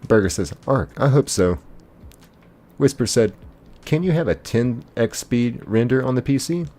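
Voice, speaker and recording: A man's voice: mid-range voice, lively intonation, normal speed. A young man hosting a live game stream, chatting casually and reading out viewer comments. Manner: laid-back, chatty, greets viewers warmly by name. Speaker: livestream host.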